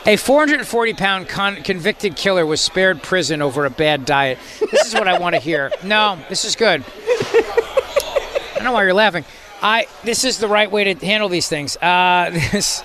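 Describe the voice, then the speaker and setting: A man's voice: high-pitched, lively intonation, normal speed, bright, forceful tone. A man hosting a talk radio show, giving sarcastic, rambling commentary.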